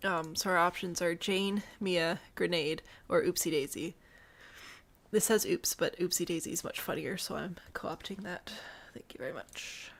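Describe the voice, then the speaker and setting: A playful woman with a Midwestern accent chats through a live gameplay session, joking with her viewers as she goes. Her voice sits fairly low with a gravelly, fry-touched edge. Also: moderate pace. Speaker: let's play streamer. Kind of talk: casual gameplay commentary.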